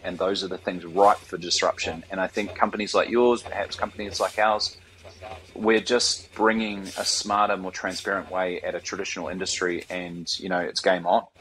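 A man's voice: low-pitched, fairly bright tone, a little hiss or hum, rough recording. A man, telling stories as a guest in a casual interview, swearing freely and acting out the voices of the people he quotes. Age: 40s. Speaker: guest, startup founder.

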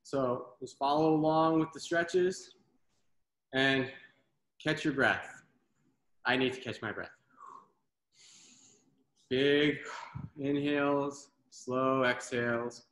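A man leading an online workout class over a video call, giving brisk, encouraging cues and counting down reps. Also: mid-range voice, fairly even intonation, fairly bright tone. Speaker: fitness instructor. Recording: very echoey room, faint noise.

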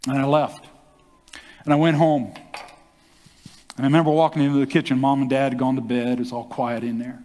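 Older pastor preaching with hall echo. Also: male voice, medium pitch, a little fast, long pauses. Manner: animated storytelling, acts out quoted voices. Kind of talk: sermon testimony. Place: church hall. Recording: long hall reverb.

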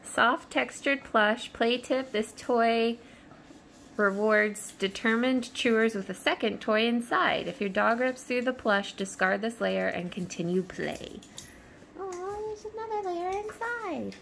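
A young woman with a high, bouncy voice that rises and falls a lot, talking at an unhurried pace. She laughs easily and scolds her dog between reading out the product labels. The home recording carries a steady, noticeable background hiss. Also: vocal fry. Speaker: vlogger unboxing a dog toy box. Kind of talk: casual unboxing chat.

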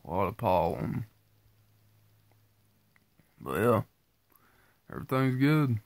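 A man's voice: sing-song, slow pace, a little hiss or hum. A tired man with a congested, stuffy voice from sinus trouble gives a casual, rambling update to his viewers. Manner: tired, low-key and rambling. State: tired from just waking up. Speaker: vlogger giving a weight-loss update.

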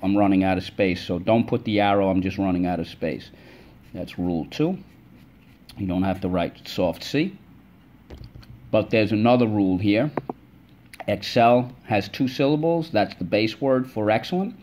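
A man's voice: fairly low pitch, darkish tone, a little hiss or hum. A male teacher giving a spelling lesson to children, patient and stretching out the syllables of each word. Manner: slow, patient, drawn-out syllables.

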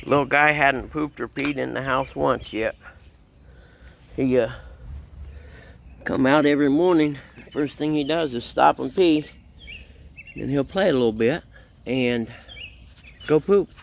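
Gravelly man cooing at his puppy. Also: medium pitch, measured pace, pauses often, a little hiss or hum. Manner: playful baby talk to a dog. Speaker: dog owner filming his puppy. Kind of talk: casual vlog narration. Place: outdoors in a backyard.

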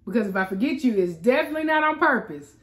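A woman hosting an eating show from a home man cave, chatting in a relaxed way and talking straight to her viewers. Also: a little high, fast, a little hiss or hum. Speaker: mukbang host. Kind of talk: casual eating-show chat.

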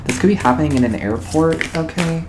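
A man's voice: fairly high pitch, animated, fairly quick, background noise. A man doing a tarot reading to camera, rambling and intuitive, often checking in with "okay?" and "all right?". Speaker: tarot reader.

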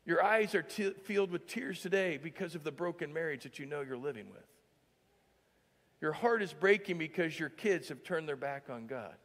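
A male pastor preaching a sermon in a conversational way, full of fillers, moving between hushed and loud, emphatic stretches. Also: fairly high pitch, animated, normal speed. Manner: conversational, heavy use of filler "like". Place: church sanctuary. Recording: long church-hall reverb.

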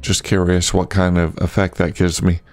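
Low-voiced man doing game commentary. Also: completely flat delivery, moderate pace, a little mellow, a little hiss or hum. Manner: casual, thinking aloud. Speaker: gaming channel host. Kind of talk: let's play commentary.

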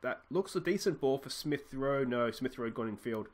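A young man with an Australian accent talks over his football management game into a desk mic. His mid-range voice rambles casually through tactics and substitutions. When a goal lands he jumps to excited shouts. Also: mid-range voice, moderate pace. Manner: chatty, thinks aloud, bursts into excited shouts at goals. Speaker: let's play host. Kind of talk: casual gameplay commentary.

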